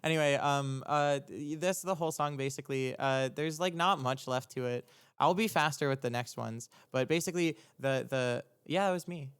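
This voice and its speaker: A young man, a music producer, talking casually on a livestream as he breaks down his own track, rambling and halting with lots of ums, restarts and casual swearing. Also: on the high side, a bit bright, smooth. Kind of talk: casual explanatory livestream talk.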